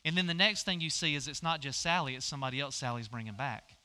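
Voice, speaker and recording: Bright high-voiced folksy preacher man. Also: animated, fast, clean tone. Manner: folksy, directs volunteers on stage. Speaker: pastor. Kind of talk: sermon with live stage demonstration.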